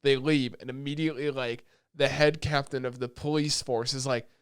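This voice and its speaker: Man, podcast co-host, excited recap, frequent cursing, dry close sound. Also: mid-range voice, normal speed, clear, resonant tone, no room sound. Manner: excited retelling of scenes, lots of swearing. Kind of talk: casual chat.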